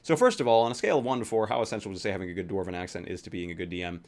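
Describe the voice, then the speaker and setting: A man's voice: low voice, very fast, a little mellow. A young man casually answering viewer questions in a rambling, offhand way, swearing here and there. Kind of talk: casual Q&A vlog.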